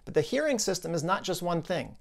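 A man with a somewhat raised pitch explains a client's case to viewers in an educational video. He talks in a loose, conversational way, thinking aloud with asides and restarts. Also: big pitch swings, a little fast, gravelly.

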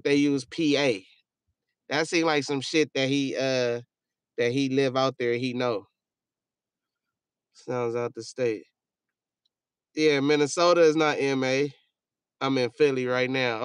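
A man chats loosely on his livestream, joking and cursing as he reacts to viewer comments. His voice sits a little high for a man, and the close mic keeps it dry with no room sound. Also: clean tone, dry recording. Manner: loose, joking, profane, trails off into mumbling. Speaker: livestream host. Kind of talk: casual livestream chat reading viewer comments.

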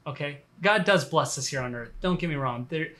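A man giving a relaxed, conversational sermon, full of fillers and restarts. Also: on the high side, fairly quick. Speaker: pastor.

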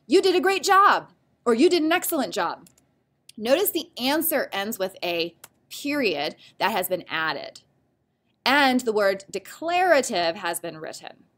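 A woman teaching a grammar lesson, explaining patiently and clearly, step by step. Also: fairly high pitch, fairly bright tone.

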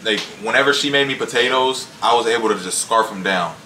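A young man bantering casually at home, relaxed and joking. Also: medium pitch, a little fast, roomy sound, a little hiss or hum, low-quality recording. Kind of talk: casual chat. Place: home kitchen.

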